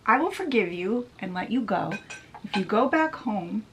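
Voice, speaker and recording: A woman's voice: medium pitch, animated, normal speed, fairly bright tone, slight background noise, natural voice. A woman voicing a stern bargaining beast. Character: gruff male beast making a bargain.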